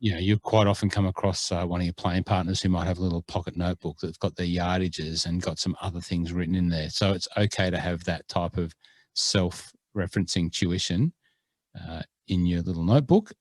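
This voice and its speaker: A man's voice: sits low, steady tone, brisk, dry recording. A Scottish-born man with an Australian accent, co-hosting a casual podcast and rambling through his points with many fillers and restarts. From Scotland. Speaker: podcast co-host. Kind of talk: casual chat.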